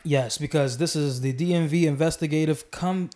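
A man's voice: on the high side, moderate pace. A man hosting a casual podcast, talking in a rambling way with many fillers and restarts. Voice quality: mellow. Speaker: podcast host.

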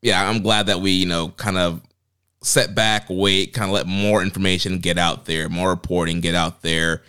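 A man co-hosting a podcast in relaxed, loose casual chat with plenty of fillers. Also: deep voice, moderate pace, clear, resonant tone. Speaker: podcast co-host.

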